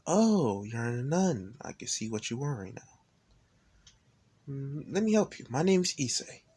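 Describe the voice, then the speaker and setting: A man voicing a laid-back young man in a fan-made story who offers to protect a stranger, speaking quietly and casually. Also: medium pitch, very animated, a little slow, husky. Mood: calm, friendly.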